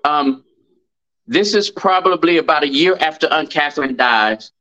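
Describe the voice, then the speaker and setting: A man's voice: on the high side, animated, moderate pace, bright, forceful tone, dull audio. A middle-aged man, a podcast guest telling a personal story. He stresses and repeats key phrases.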